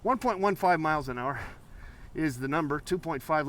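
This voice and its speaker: A man's voice: fairly high pitch, expressive, moderate pace, fairly bright tone. A man hosting a live call-in painting show, rambling playfully with many fillers.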